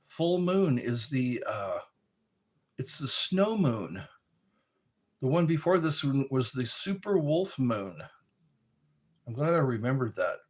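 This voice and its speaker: Man, middle-aged, livestream host, rambling, husky, slow delivery. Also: very animated, a little mellow. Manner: rambling, reads chat aloud, breaks into high howls and quoted lines. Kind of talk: casual rambling livestream chat.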